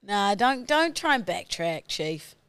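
Female co-host, smooth voice, dry close mic, deadpan teaser. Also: mid-range voice, measured pace, dry recording. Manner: teasing, dry jokes. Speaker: podcast co-host. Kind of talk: casual chat.

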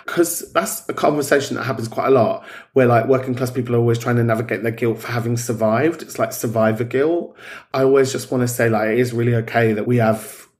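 A man's voice: medium pitch, fairly even intonation, brisk, a little mellow. A man hosting a podcast, talking in a frank, sweary and chatty way. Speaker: podcast host. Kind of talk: casual chat.

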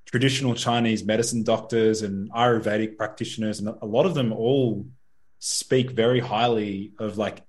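Casual low-voiced male podcast host. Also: fairly even intonation, normal speed. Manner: casual, curious, chatty. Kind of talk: podcast interview.

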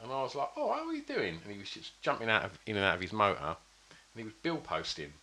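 A man's voice: fairly low pitch, animated, fast talker, sharp tone. A man telling a rambling anecdote in casual podcast chat, full of fillers and restarts. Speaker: podcast guest.

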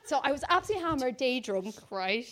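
An Irish woman from Ireland telling lively, swearing anecdotes in a casual comedy chat. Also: high-pitched, fast. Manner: animated, swearing, mimics voices in anecdotes.

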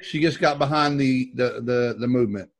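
A man's voice: mid-range voice, moderate pace. A man in a mid range speaks up on a group video call. He talks earnestly and stumbles slightly over his words. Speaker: roundtable member.

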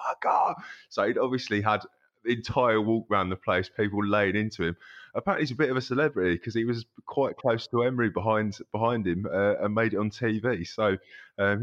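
A man co-hosting a casual football podcast, talking in a halting way with many ums. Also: lowish voice, fairly bright tone. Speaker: podcast co-host. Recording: dull lo-fi sound.

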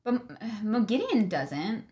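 A woman's voice: mid-range voice, wildly swooping pitch, unhurried, mellow. A young woman co-hosting a casual book podcast, giggly and loose, trailing off mid-thought. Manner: giggly, loose, trails off, quotes characters in funny voices. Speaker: podcast co-host. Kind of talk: casual book-club chat.

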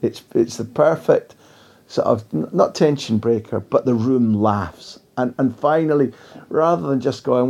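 A man tells a long story as an interview guest, drifting and wry as he goes. His voice is gravelly and dark. His pitch sits in the middle range. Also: measured pace. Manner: rambling, wry. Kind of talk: casual anecdotal storytelling.

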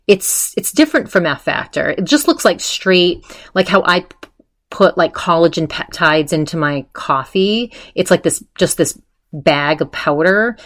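A woman's voice: lowish voice, animated, measured pace, fairly bright tone. A woman hosting a podcast, chatting casually as she retells a story, full of fillers and quoted voices. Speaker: podcast host.

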